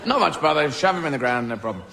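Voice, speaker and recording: A man's voice: a little high, expressive, fast, vocal fry. A man with an English accent performing a rambling, playful stand-up comedy set on a large theater stage. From Britain. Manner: rambling, playful, voices imaginary characters. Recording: echoey hall with audience noise. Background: audience laughter.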